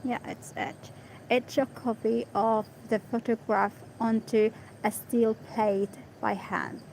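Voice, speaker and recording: A woman whose first language is Arabic reads an English article aloud, stopping often to check her pronunciation in quiet asides. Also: fairly high pitch, steady tone, takes it slowly, gravelly, a little hiss or hum, low-quality recording. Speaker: reader practicing English.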